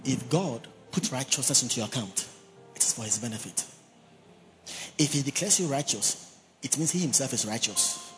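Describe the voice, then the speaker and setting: A male pastor preaching with emphasis, leaning on key words and repeating them for his listeners. His voice carries a long hall reverb, with faint music playing softly underneath. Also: mid-range voice, lively intonation, normal speed. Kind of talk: sermon.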